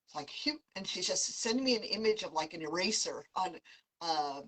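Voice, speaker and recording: A woman hosting as an animal communicator, giving a gentle, soft-spoken reading about a client's pet. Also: fairly low pitch, animated, fairly quick, low-quality recording. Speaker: animal communicator, podcast host.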